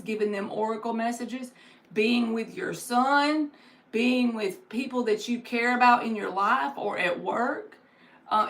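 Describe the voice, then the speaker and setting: A woman with a slightly higher voice talks loosely through a live tarot reading. She fills her talk with "like" and "you know" as she gives gentle, encouraging spiritual advice. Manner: chatty and encouraging, loose with fillers. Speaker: tarot reader hosting a live stream. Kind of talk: casual live-stream chat.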